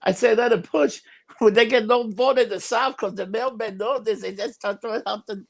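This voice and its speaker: Male podcast co-host, gravelly voice, crude and mocking, constant laughter. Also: sits high, fairly even intonation, normal speed. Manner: profane, laughing, ranting. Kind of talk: casual podcast chat.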